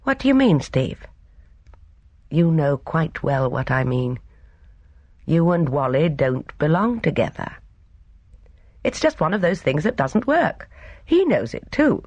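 A reader voicing a calm young man in a storybook reading, measured and gently teasing. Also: a little high, no echo, dull audio.

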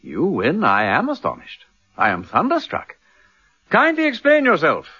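An actor playing a flamboyant, teasing gentleman detective in a radio drama, with a husky edge. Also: lowish voice, huge pitch swings, moderate pace, exaggerated voice. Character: witty aristocratic gentleman detective, playful. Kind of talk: 1970s radio drama acting. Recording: dull lo-fi radio recording.

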